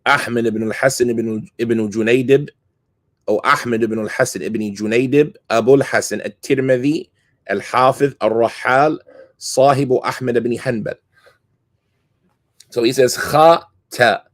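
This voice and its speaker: A man teaching a mosque class on hadith scholars, reading Arabic passages quickly and explaining terms as he thinks aloud. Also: mid-range voice, steady tone, dry recording, studio quality.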